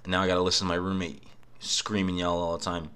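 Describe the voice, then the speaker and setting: A man's voice: sits low, completely flat delivery, fast, sharp tone, clear, resonant tone. A young man on a cheap microphone at home in his apartment, ranting casually with a profane, sarcastic edge. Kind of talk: casual rant.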